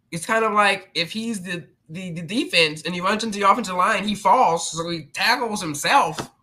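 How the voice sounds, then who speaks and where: A man's voice: high-pitched, pushed and bright. A man hosting his own channel, delivering a sarcastic, mocking rant with many restarts. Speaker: channel host.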